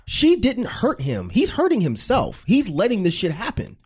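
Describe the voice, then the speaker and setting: Man, blunt and profane, wildly swooping pitch, casual podcast chat. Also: wildly swooping pitch, normal speed, a little mellow, husky. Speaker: podcast co-host.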